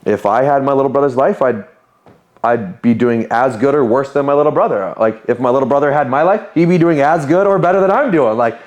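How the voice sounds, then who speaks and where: A man tells personal stories in a relaxed podcast conversation. His voice sits at an ordinary middle pitch, and he talks candidly and with animation, acting out the voices of the people in his stories. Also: fairly quick, highs cut off. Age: 30s. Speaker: podcast guest, business owner. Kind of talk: casual interview storytelling.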